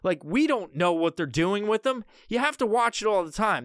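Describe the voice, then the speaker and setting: A man's voice: high voice, expressive, moderate pace, hardly any pauses, fairly bright tone, no room sound, studio quality. A man hosting a podcast, telling a rambling, heavily profane comedic story. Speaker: podcast host.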